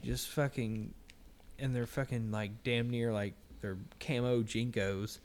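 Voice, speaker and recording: A man's voice: medium pitch, steady tone, a little slow, darkish tone, slight background noise. A man co-hosting a podcast, telling a story in casual, profane chat and mimicking people in it. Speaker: podcast co-host.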